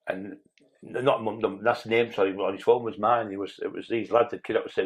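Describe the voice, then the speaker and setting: Podcast guest, male, low voice, fast and blunt storyteller who swears freely. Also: fairly even intonation, muffled recording. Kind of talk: casual interview storytelling.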